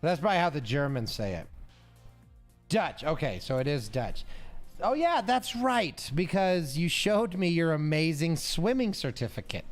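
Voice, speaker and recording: A man's voice: on the high side, sing-song, measured pace. A man streaming live and thinking aloud as he sounds out word guesses and greets his chat. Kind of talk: casual live-stream chat while solving a word puzzle. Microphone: headphones with mic. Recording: faint music behind.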